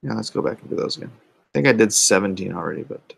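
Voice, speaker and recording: A man's voice: on the low side, expressive, fast talker, vocal fry, fairly bright tone, husky. A comic artist hosting a casual livestream, reading viewer chat aloud and answering offhandedly while muttering asides about his setup.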